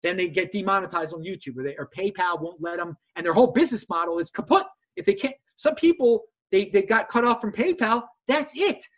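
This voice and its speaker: Husky man, animated crypto-channel host. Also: brisk, few pauses. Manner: animated, mocking impressions in a high voice. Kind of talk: casual chat.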